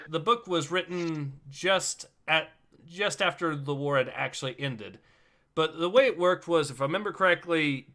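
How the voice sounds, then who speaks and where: A man's voice: mid-range voice, sharp tone. A man hosting a casual livestream, chatty with many fillers and restarts. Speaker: livestream host.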